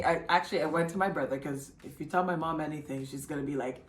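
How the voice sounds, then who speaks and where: A woman vlogger casually telling her own story in a chatty, animated way. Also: brisk. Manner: chatty, animated, acts out others' lines in a high excited voice. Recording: echoey room with faint music.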